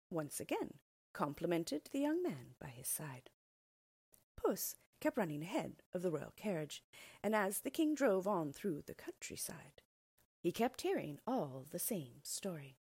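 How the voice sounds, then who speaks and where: A woman reads a fairy tale aloud in an animated storybook manner. Her voice sits low and has a husky edge, and her pitch moves widely. The recording is close and dry. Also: no room sound. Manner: expressive, animated reading.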